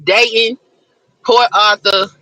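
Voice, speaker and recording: A man's voice: high-pitched, fairly even intonation, slow, bright, forceful tone, no echo, rough recording. A man from the Dallas area chiming in on a casual chat with short, casual remarks. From Dallas area, Texas.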